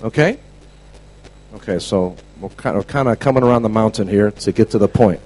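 A man preaching a storytelling sermon to a class, animated, dropping to a hush and then shouting. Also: fairly low pitch, a little fast, a little hiss or hum, rough recording. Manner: animated, swings from hushed to shouting.

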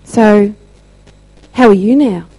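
A woman shares a testimony in a mellow, warm voice. She paces it slowly and leans on pauses for emphasis. The sound is dry and close. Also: mid-range voice, husky, no echo, faint music behind, rough recording. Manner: slow, deliberate storytelling with emphatic pauses. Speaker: church member sharing testimony. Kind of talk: testimony sharing.

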